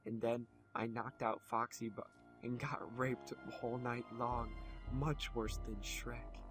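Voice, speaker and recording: A young man reads a ridiculous story in a flat, deadpan way, tossing in crude asides. His voice sits at an ordinary pitch. Faint music plays underneath. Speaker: co-host reading a fan story. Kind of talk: casual comedic dramatic reading.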